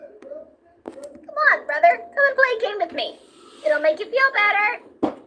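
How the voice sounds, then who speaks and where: Woman voicing a very high, bright little skeleton boy. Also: sing-song, measured pace, slight background noise, heavily acted. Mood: coaxing. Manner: pleading, insistent and soothing. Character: young boy skeleton, cheerful, coaxing little brother. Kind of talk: fan comic dub acting.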